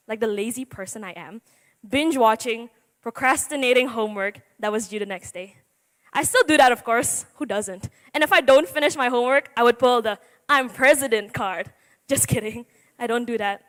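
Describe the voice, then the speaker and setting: A woman's voice: fairly high pitch, a bit bright. A seventeen-year-old girl giving a jittery, joking youth sermon, laughing at herself. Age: teens. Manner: giggly, self-deprecating, jittery. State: nervous. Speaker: youth preacher. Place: church sanctuary. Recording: church hall reverb.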